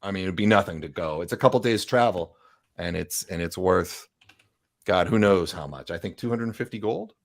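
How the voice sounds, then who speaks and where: A man's voice: low-pitched, brisk, creaky. A man narrating as game master, rambling with many fillers and asides. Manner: rambling, lots of fillers and "right?".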